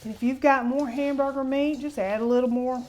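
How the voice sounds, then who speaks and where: A woman's voice: high-pitched, steady tone, fairly quick, darkish tone. A woman hosting a casual cooking demonstration in her home kitchen, chatty and homey, calling viewers honey. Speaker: cooking show host.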